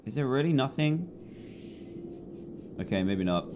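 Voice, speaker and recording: With a noisy background, an animated man in his twenties speaks at normal speed in an English accent, commentating his own gameplay. This gaming YouTuber from England is chatty and jumpy, shifting between low mutters and loud yelps.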